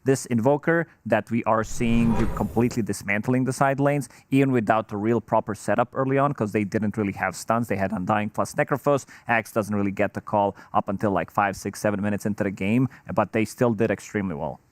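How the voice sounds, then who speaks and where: A man on an esports panel explaining how a match played out in a relaxed, explanatory way. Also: lowish voice, fairly quick, few pauses, no room sound. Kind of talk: casual analysis.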